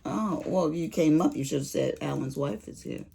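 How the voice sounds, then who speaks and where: Older lady vlogging, gravelly low voice, swoops up and down a lot, folksy storyteller. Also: normal speed, slight background noise. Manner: animated storyteller, folksy Southern-style talk. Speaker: crafting vlogger. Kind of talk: casual chat to viewers.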